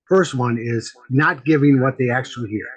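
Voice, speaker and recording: A man's voice: medium pitch, moderate pace, slightly rough, rough recording. A man, a guest medium, talking casually on a podcast from a home studio with a green screen, telling stories and often repeating words. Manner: rambling storyteller, repeats words.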